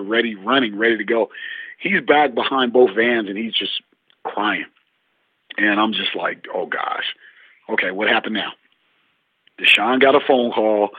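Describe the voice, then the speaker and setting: A basketball coach in an interview, telling stories and acting out what people said. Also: male voice, medium pitch, no room sound. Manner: animated storyteller, acts out dialogue. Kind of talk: interview storytelling. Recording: husky, tinny phone-like line.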